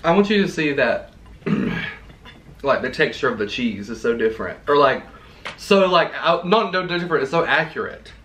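A man, co-hosting a casual mukbang and chatting excitably between bites. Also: a little high, normal speed. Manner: chatty, excitable, talks while eating. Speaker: co-host.

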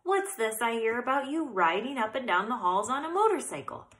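A woman's voice: a little high, sing-song, brisk, fairly bright tone, reverberant, voice pushed up. A woman doing a tactless blustery uncle mouse. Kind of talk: storybook read-aloud.

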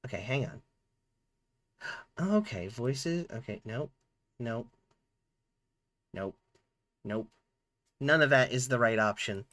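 A man's voice: mid-range voice, slow pace, pauses often. A man streaming a game live, chatting casually and fumbling with his audio settings. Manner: chatty, fumbling with settings, lively ups and downs. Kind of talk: casual live-stream chat while gaming.

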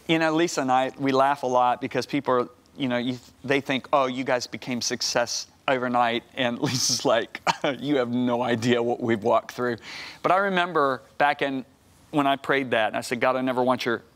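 In a TV studio, a middle-aged preacher appearing on a Christian program animatedly recounts a personal testimony, repeating words and playing out dialogues. He speaks in a mid-range, slightly bright voice, a little fast, with fairly even intonation.

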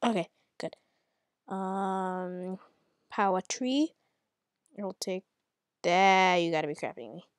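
A woman giving live commentary on her own gameplay at home, muttering to herself and then yelling at opponents in exasperation, with mild cursing. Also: slow, pauses often, dry recording, clean studio sound. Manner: swings from low muttering to angry yelling at opponents. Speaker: gamer.

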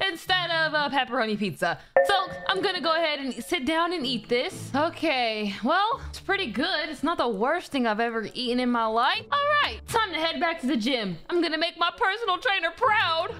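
A woman's voice: sits high, very animated, normal speed, few pauses, bright, forceful tone, faint music behind. A young woman voicing her game roleplay character with a whiny, dramatic and slangy delivery. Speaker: roleplay voice actor.

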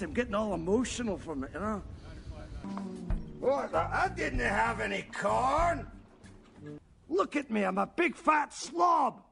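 A man's voice: extremely high pitch, vocal fry, fairly bright tone, full character voice. A man doing a comedic impression of an obese, crude, gluttonous Scottish man who bellows and boasts.

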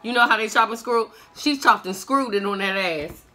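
A woman's voice: mid-range voice, moderate pace, bright, forceful tone, slight background noise. A woman doing a tarot reading on camera, talking in a blunt, sassy and profane way. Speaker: tarot reader.

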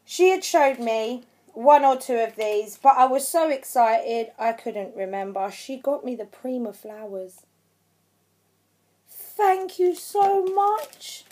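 A woman chatting through an unboxing on her craft channel, emotional, gushing with thanks and shaky with excitement. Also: on the high side, unhurried, hardly any pauses. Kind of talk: unboxing vlog chat.

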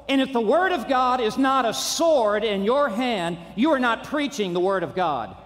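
A man with a very high voice preaches from a pulpit, hammering short repeated phrases and rising to shouts. His words ring out with the long reverb of a large auditorium. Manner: emphatic, punchy repetition with rising shouts. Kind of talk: conference sermon.

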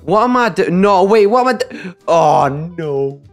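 A man giving excited live gameplay commentary, talking to himself and shouting at his mistakes. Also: high-pitched, a little slow, soft background music. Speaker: gaming YouTuber.

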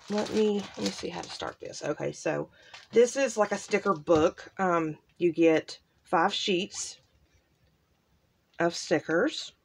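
A woman hosting a casual crafting unboxing, gushing softly and trailing off into quiet asides. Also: mid-range voice, gravelly, slight background noise. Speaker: crafting channel host. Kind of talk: casual unboxing show-and-tell.

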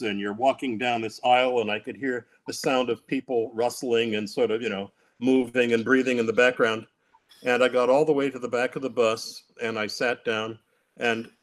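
An older man speaks as a guest on a discussion panel. His voice sits at an ordinary middle pitch. He tells his story in a vivid, animated way and acts out the quotes. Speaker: panel guest recounting captivity.

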